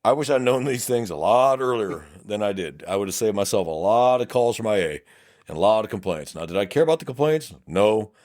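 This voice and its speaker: A middle-aged man from South Texas with a Texan accent, a police officer co-hosting a casual podcast chat, blunt and animated, acting out quoted dialogue. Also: lowish voice, brisk, dry recording, clean studio sound. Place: podcast studio.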